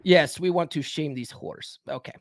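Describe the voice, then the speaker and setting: A man hosts a live stream podcast in a fairly high voice, animated and loose with swearing. He talks with lots of fillers and "okay?" tags. The sound is dry and close. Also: normal speed, gravelly, no room sound. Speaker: podcast host. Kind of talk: live stream commentary and book reading.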